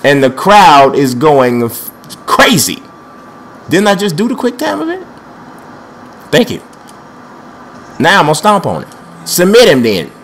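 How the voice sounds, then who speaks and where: Animated man panicking over a game. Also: fairly high pitch, measured pace, pauses often, slight background noise. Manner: animated, panicky, trash-talking the opponent. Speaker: gameplay commentator. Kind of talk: excited let's-play commentary.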